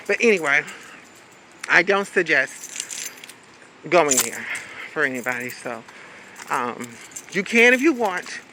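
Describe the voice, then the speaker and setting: A woman with a deep voice shares a frank, sassy story for her casual vlog, filmed outdoors on a city street with a handheld phone. She sprinkles in "honey" and "baby," and background noise is audible.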